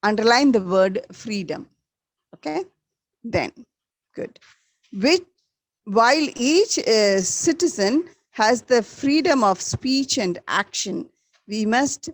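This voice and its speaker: A woman teaching a school class, slowly repeating the key words for her students. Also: a little high, lively intonation, no echo. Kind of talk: classroom lesson.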